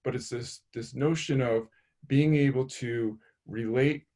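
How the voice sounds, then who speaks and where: A man's voice: mid-range voice, fairly even intonation, measured pace, dark tone. A man psychologist speaking earnestly in a webinar, building his points in lists and then telling a short story. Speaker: psychologist guest. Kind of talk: conversational webinar talk.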